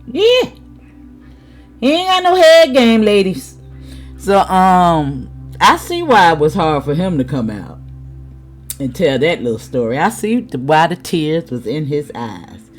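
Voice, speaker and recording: A woman giving a casual tarot reading, chatty, with laughing asides and drawn-out exclamations. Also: deep voice, darkish tone. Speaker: tarot reader.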